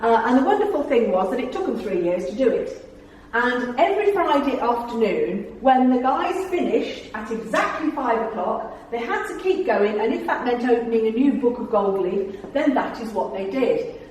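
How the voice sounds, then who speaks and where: Hardly pausing, a middle-aged ex-tour guide tells the club audience humorous, theatrical anecdotes and laughs frequently. Her voice is a little high and darkish, with big pitch swings, at normal speed. The meeting room is very echoey, she's far from the mic, and there's a little hiss or hum.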